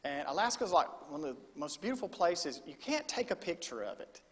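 A man's voice: a little high, very animated, fairly quick, a bit bright, long reverb tail. A middle-aged man, a student minister preaching a sermon in a folksy storytelling manner. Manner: folksy storytelling with quoted asides.

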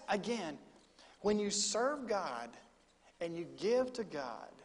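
A man's voice: high voice, sing-song, slow, long reverb tail. A middle-aged man, a student minister preaching a sermon in a folksy storytelling manner. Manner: folksy storytelling with quoted asides.

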